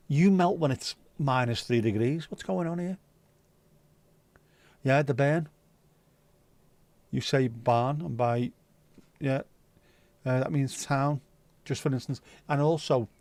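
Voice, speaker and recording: A man's voice: medium pitch, a little slow, long pauses, a little mellow, no room sound. A man hosting a casual livestream, chatting loosely, swearing and rambling as he reads viewer comments. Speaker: livestream host.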